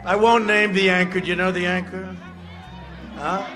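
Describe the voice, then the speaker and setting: A man giving a campaign rally speech, rambling and sarcastic, often shouting his points. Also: sits high, little pitch movement, normal speed, faint music behind. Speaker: political speaker at a rally. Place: large outdoor rally.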